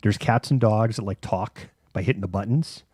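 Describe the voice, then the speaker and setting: A man's voice: on the low side, normal speed, a little mellow, breathy edge, dry recording, studio quality. A man hosting a live stream, telling rambling stories with a lot of swearing. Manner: rambling, profane storytelling. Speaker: host. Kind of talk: live-stream casual chat.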